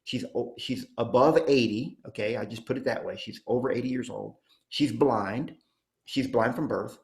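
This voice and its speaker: A man in his fifties giving an energetic real estate coaching talk, punching points and checking in with "okay?". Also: medium pitch, moderate pace. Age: 50s. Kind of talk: motivational training talk.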